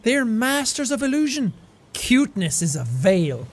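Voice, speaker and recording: A man voicing an anxious, dramatic young woman stranded in a car as he reads game dialogue aloud, in a high, swooping, overwrought tone. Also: sing-song, unhurried, exaggerated voice.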